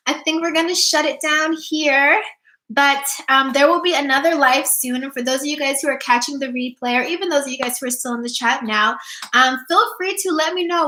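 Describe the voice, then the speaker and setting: Woman life coach, high and bright, effusive livestream talk, echoey room. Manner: gushing, enthusiastic, lots of "like".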